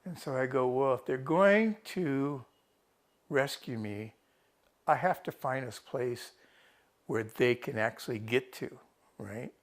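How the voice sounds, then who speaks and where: A man's voice: mid-range voice, slow pace, long pauses. A man who was rescued after getting lost on a hike tells the story to a TV reporter in a rambling, casual way. He often restarts his sentences and quotes his own thoughts. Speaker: rescued hiker interviewed by a TV reporter. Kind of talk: casual first-person account.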